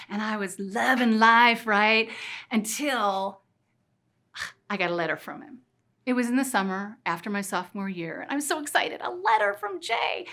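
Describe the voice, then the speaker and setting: A middle-aged woman giving an energetic motivational talk, playful and full of rhetorical questions. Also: medium pitch. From Missouri. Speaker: keynote speaker. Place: conference stage.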